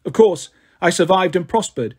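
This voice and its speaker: Man doing a cold, commanding warrior queen, slightly raised, husky, storybook read. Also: high-pitched, lively intonation, moderate pace, darkish tone. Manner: icy, commanding. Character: proud exiled woman warrior queen, cold.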